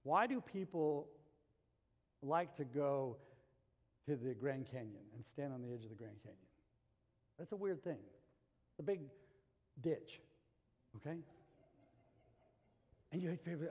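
A middle-aged male pastor preaching a sermon and telling stories, dropping to a hush and then rising loud. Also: on the high side, lively intonation, unhurried, pauses often. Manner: storytelling preacher, swings from hushed to loud. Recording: long hall reverb.

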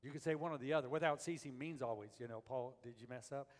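A middle-aged man preaching a sermon as pastor, swinging from quiet, drawn-out phrases to loud, animated stretches. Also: mid-range voice, big-room sound.

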